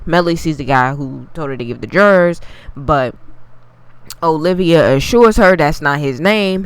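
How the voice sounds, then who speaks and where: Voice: medium pitch, a bit bright, clean tone, no room sound. A TV recap reviewer giving a casual, blunt, profane take and talking straight to the viewers. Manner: addresses viewers directly.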